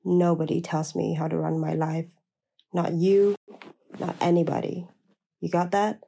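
Woman reading fiery cursing woman, low gravelly voice, dark tone. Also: little pitch movement, unhurried, exaggerated voice. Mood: furious. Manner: angry, cursing retorts. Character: fiery woman partner, quick to rage.

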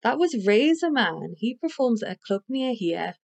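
A woman's voice: on the high side, very animated, moderate pace, gravelly, a little mellow, voice pushed up, exaggerated voice. A woman reading an audiobook, voicing an amused bar coworker teasing a newcomer. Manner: laughing, teasing.

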